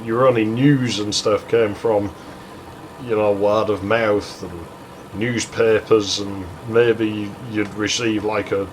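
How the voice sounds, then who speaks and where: A man talking over his gameplay in a loose, rambling rant, sardonic and quick to swear. His voice sits on the low side, with a faint hum of ambience beneath it. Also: low-quality recording. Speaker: let's play host.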